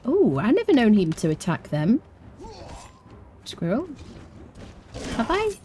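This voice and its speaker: An English woman streaming a game, chatting casually and playfully with her viewers and often dropping into quiet asides. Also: medium pitch, huge pitch swings, a little slow. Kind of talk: casual live-stream chat while gaming.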